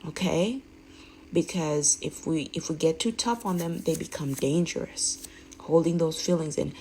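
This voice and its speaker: A woman's voice: low-pitched, unhurried, mellow, slight background noise, poor audio. A woman speaking candidly in a rambling, emphatic way, often restarting her sentences. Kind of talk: candid personal monologue.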